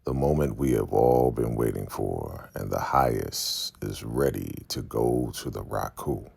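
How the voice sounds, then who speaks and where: Very deep, gravelly-voiced man recapping a show. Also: animated, unhurried, a little mellow, no room sound. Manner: chatty, addresses viewers as family. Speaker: recap host. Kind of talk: casual TV episode recap.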